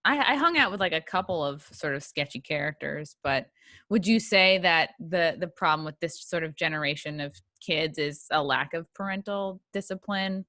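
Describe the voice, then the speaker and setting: Young woman podcast host, bright and forceful tone, probing but casual, dry sound. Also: low voice, moderate pace, no room sound. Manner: laughs often, asks probing questions. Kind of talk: casual interview chat. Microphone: video call.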